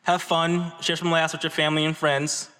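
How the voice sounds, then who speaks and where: A man's voice: fairly high pitch, little pitch movement, normal speed, pushed and bright. A man from Michigan giving a graduate convocation speech at a podium, telling a story earnestly and tossing in "right?" asides to the audience. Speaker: graduate student speaker. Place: large auditorium. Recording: echoey auditorium reverb.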